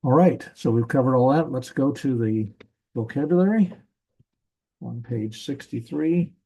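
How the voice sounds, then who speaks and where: A man teaching a Bible language grammar class in a church classroom, patient and explaining step by step, repeating himself and slowing down on key words. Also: mid-range voice, dark tone, slightly rough, poor audio.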